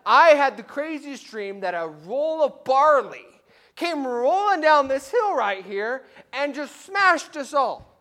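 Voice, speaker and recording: A man voicing an ancient enemy soldier who talks like a modern dude, excitedly recounting a dream. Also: very high-pitched, takes it slowly, voice pushed up, heavily acted. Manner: slangy, excited. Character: casual, jokey enemy soldier telling a dream.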